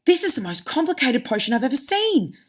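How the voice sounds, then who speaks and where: A know-it-all schoolgirl witch, brisk and bookish, read aloud by a woman. The voice stays close to the reader's own, with a light storybook lift. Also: sits high, sing-song, voice pushed up.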